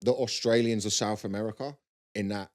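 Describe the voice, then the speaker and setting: A man's voice: fairly low pitch, fairly even intonation, brisk, darkish tone. A man co-hosting a podcast, chatting loosely and laughing as he rambles through anecdotes. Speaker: podcast co-host, comedian. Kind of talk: casual banter.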